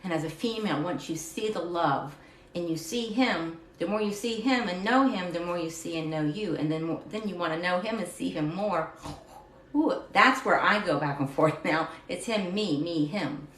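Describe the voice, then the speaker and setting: A woman's voice: on the low side, normal speed, a bit bright. Woman, confessional and rambling. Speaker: live stream host. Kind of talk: personal testimony to a live audience. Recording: roomy echo, slightly distant mic.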